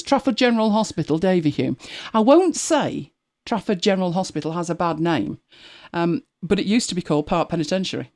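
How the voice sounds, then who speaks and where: A fairly low, slightly mellow female voice belongs to a Manchester, England, podcast host. Speaking with an English accent, she chats casually on a live show, telling wry stories of daily life with a chatty manner and laughs.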